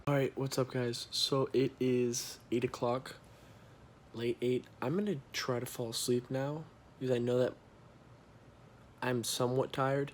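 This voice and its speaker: A man's voice: medium pitch, little pitch movement, measured pace, long pauses. A young man talking casually to his viewers in a candid, rambling vlog, swearing freely. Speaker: vlogger.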